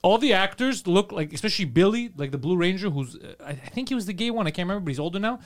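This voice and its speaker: A man's voice: high-pitched, expressive, very fast. A man hosting a comedy podcast, rambling through crude stories in casual chat and acting out the scenes. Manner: crude, rambling storyteller who acts out scenes.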